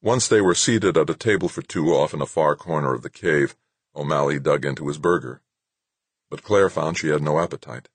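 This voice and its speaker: A man narrating an audiobook in a steady, even storytelling manner. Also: very deep voice, moderate pace, slightly rough, no room sound. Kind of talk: scripted narration.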